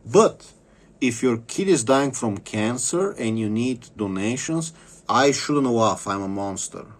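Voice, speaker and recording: A man's voice: mid-range voice, lively intonation, slow. A man delivering an angry, profane vlog rant, bitter and repeating phrases for emphasis. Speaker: vlogger. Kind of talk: angry ranting monologue.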